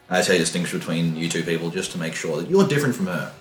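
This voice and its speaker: A man's voice: sits low, expressive, racing, few pauses. A man co-hosting a casual chat in a wry, teasing manner. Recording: roomy, faint music.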